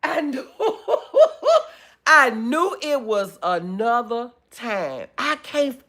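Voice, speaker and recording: A woman hosts a casual livestream and talks straight to her viewers. Her fairly high voice swings widely up and down, and she laughs and lets out loud whoops as she reads the chat. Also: very animated, extremely slow. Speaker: livestream host.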